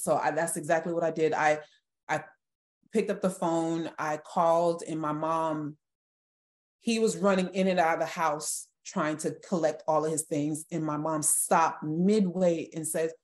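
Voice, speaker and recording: A young woman with a low, deep voice recounts her own story as a podcast guest. She speaks earnestly and emotionally, often stopping and restarting her sentences. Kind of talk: personal testimony in a podcast interview.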